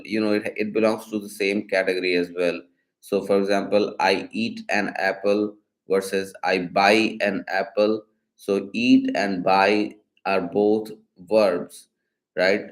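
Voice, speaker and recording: Low-voiced man, hesitant and halting. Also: poor audio. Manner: hesitant, many fillers and restarts. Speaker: student quizzing an AI on linguistics. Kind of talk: casual study session.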